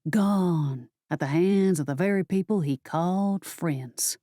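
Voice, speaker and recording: A woman narrator voicing a smug, scheming male sorcerer villain for an audiobook, speaking low, slow and mocking. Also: mellow, dry recording, studio quality, lightly acted.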